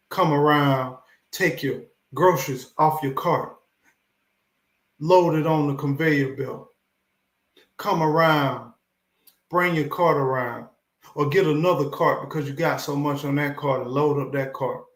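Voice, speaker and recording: A man's voice: fairly high pitch, a little slow, fairly bright tone, reverberant. A man hosting a live stream, giving a repetitive, preachy motivational talk.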